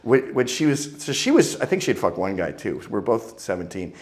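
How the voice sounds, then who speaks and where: A man's voice: on the low side, brisk. A man from Canada, a guest telling crude, comic anecdotes and slipping into voices for the people in his stories. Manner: animated, mimics voices in anecdotes.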